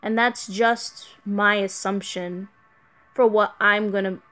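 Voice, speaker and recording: A woman's voice: mid-range voice, fairly even intonation, slow, fairly bright tone, soft background music. A young woman streaming a mobile game, chatting casually and answering her viewers. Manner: chatty, reads viewer chat aloud. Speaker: let's play streamer.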